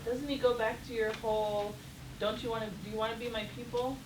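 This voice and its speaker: A woman in a class discussion, speaking haltingly and tentatively. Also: on the high side, fairly even intonation. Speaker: class member. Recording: distant, echoey, loud hiss.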